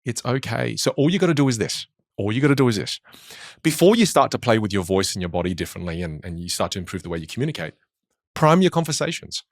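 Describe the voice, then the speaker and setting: A man's voice: lowish voice, big pitch swings, quick pace, no echo, clean studio sound. A man who works as a communication coach, talking in a podcast conversation and animatedly acting out the voices he quotes.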